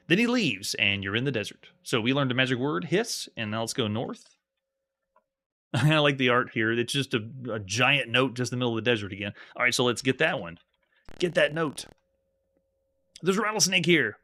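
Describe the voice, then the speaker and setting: Bright-voiced man streaming retro games. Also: medium pitch, very animated, normal speed. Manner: reads game text aloud, chatty asides to viewers. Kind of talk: live gameplay commentary.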